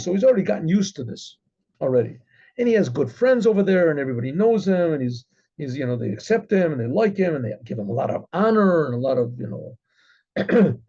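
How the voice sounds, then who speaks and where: A rabbi with a high, mellow, husky and gravelly voice rambles through a story, saying "you know" a lot and often pausing to clear his throat. The audio is dull and lo-fi.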